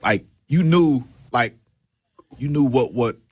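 A man's voice: mid-range voice, slow, breathy edge, no room sound. A man interviewing a guest in casual talk, often stopping and restarting his questions.

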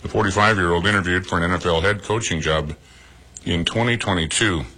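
Husky deep-voiced male radio host. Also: fairly quick, sharp tone. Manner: chatty, offers his own opinions. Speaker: radio morning show host. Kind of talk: sports news read with casual commentary.

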